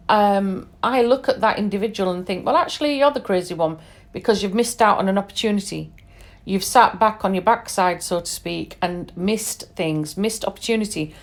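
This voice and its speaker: British woman telling travel stories. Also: medium pitch. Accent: British English. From England. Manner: conversational, emphatic, lots of fillers and asides. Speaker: podcast host. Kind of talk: personal storytelling monologue.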